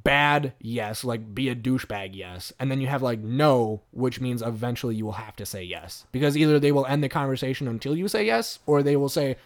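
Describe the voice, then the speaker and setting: A man hosting a podcast in casual chat, animated and profane, with lots of fillers. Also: mid-range voice, fairly quick, few pauses. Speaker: podcast host.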